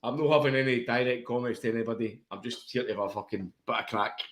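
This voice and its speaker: A man's voice: medium pitch, fast talker, slight background noise. A tipsy Scottish man co-hosting a casual fan podcast, boisterous and sweary, laughing a lot. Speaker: podcast co-host.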